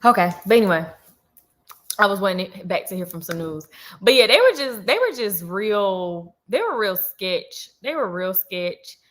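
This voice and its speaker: A woman in her twenties hosting a livestream, telling a personal story in a casual, animated way, full of slang and asides to her viewers. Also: mid-range voice, normal speed. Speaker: livestream host.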